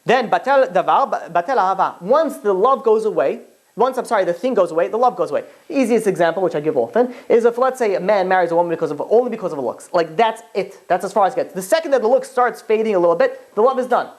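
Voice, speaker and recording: Fast-talking rabbi teaching a class. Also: male voice, high-pitched. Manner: animated, chatty, many fillers and restarts, acts out quotes. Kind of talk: casual classroom lesson with storytelling.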